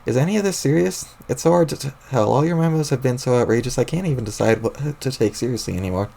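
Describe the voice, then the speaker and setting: A bubbly young sea-troll girl, as a man puts her on speaks in a raised, sweet voice. There is a gravelly grain underneath, and it comes from a man reading a webcomic aloud on stream. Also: medium pitch, quick pace, warm tone. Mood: puzzled.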